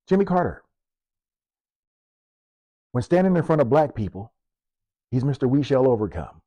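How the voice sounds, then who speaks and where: A man's voice: mid-range voice, dark tone, no echo. A man who works as a police officer, giving impassioned political commentary with punchy rhetorical questions and sarcasm.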